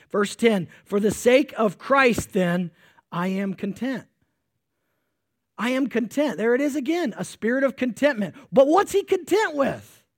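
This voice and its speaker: A pastor's sermon from a man with a strikingly high voice. He preaches with energy, sweating, pushing hard on key words and then dropping into quiet intensity. The sound is dry and close. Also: no echo.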